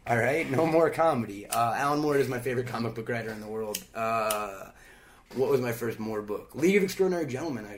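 A man chatting as a podcast guest, joking and cursing with quick asides. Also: medium pitch, expressive, slight background noise. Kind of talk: casual comedic chat.

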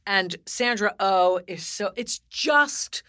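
A middle-aged woman co-hosting a podcast, chatting casually in an animated, teasing way. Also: medium pitch, takes it slowly, no room sound, studio quality. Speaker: podcast co-host. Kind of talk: casual chat.

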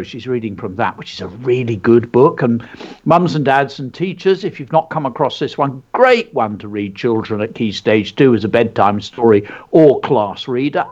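A man co-hosting a children's show, speaking in an enthusiastic, teacherly way and stressing words carefully. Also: mid-range voice. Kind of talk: educational chat for children. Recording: dull lo-fi sound.

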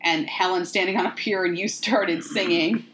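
A woman's voice: lowish voice, moderate pace. Sardonic woman podcast host. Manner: sardonic, profane, animated storytelling. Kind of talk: casual movie recap chat.

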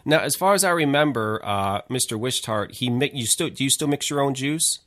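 A man hosting a casual live talk show in a chatty, informal way with halting restarts. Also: medium pitch, animated, a bit bright, no room sound, studio quality. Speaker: host. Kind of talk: casual chat.

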